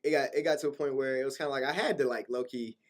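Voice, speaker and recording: A young man co-hosting a college radio show, telling rambling, animated stories in casual slang. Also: medium pitch, very fast. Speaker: co-host. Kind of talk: casual chat.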